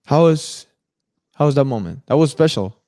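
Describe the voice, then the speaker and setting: Man asking halting interview questions. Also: mid-range voice, expressive, warm tone, dry recording, clean studio sound. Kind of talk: casual interview.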